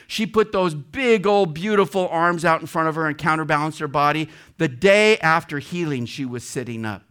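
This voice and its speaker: A man delivers a sermon-style testimony in a bright, slightly raised voice. He tells the story dramatically and lifts sharply in pitch and volume when quoting prayer. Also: smooth.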